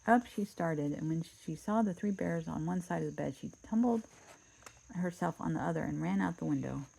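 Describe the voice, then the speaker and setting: A woman casually reading a children's storybook aloud, relaxed and chatty, dropping in asides and cutting the story short. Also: low voice, normal speed, creaky, slight background noise, rough recording.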